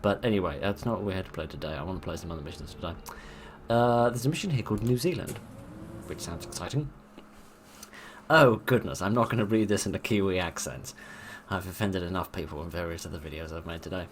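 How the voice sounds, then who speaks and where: A man giving casual, rambling gameplay commentary, self-deprecating and chatty. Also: a little hiss or hum. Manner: lively, quick changes of pitch and loudness. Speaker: let's play host.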